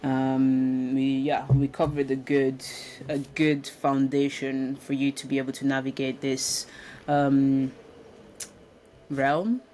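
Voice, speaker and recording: Slow, rambling woman on spiritual growth. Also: very deep voice, darkish tone, slight background noise. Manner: rambling, reflective, with restarts and frequent ums. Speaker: self-development speaker. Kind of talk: casual spiritual talk. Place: indoor room.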